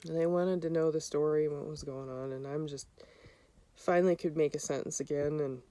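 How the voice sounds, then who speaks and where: Brief: woman, lower register, casual first-person storyteller, halting delivery with restarts. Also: fairly even intonation, warm tone. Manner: halting, with many fillers and restarts; re-enacts other people's lines in a raised voice. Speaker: hunter telling her story.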